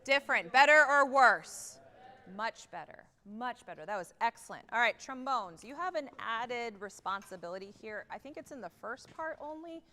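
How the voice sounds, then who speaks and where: Rehearsing a wind band on a theatre stage, a woman conductor speaks in a highish, animated, sharp voice at a normal pace. She is upbeat and direct, counting off and singing how the notes should sound. The livestream audio carries the long reverb of a theatre hall.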